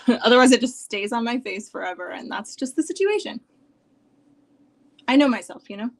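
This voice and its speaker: A young woman chatting on a casual live stream from home, rambling with lots of "like" and sometimes dropping to a soft near-whisper. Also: on the high side, expressive, normal speed, creaky. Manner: chatty and rambling, heavy use of "like". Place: home, at her desk with her dog nearby.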